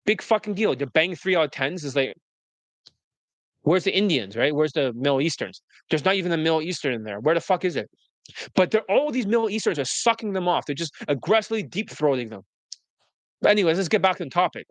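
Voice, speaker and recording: A man, a dating coach, delivering a profane, combative monologue that mixes a sales pitch with attacks on rival coaches. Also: expressive, quick pace, no room sound. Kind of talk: ranting monologue.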